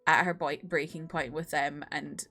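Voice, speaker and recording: A woman's voice: low-pitched, fairly even intonation, moderate pace, pushed and bright, soft background music. A young woman hosting a reaction video, chatting casually and from the heart with lots of "like" fillers.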